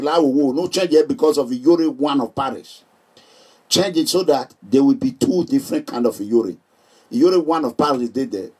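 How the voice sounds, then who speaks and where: Speaking in a mid-range, slightly rough voice, this middle-aged Nigerian man vlogs in a relaxed, chatty style. He's animated, cracks jokes with his viewers and laughs a lot, though he sits some distance from the microphone.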